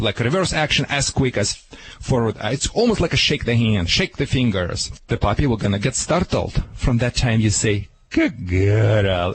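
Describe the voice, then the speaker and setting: A man's voice: medium pitch, slight background noise, poor audio. Emphatic accented dog trainer man. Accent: foreign accent in English. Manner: emphatic, demonstrative, barks sharp commands. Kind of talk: radio advice segment. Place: radio studio.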